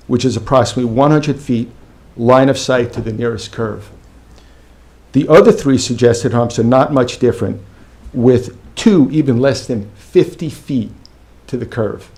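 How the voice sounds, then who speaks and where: A man's voice: medium pitch, moderate pace, darkish tone. A man, a local resident, reading a firm, factual prepared statement during public comment at a village board meeting.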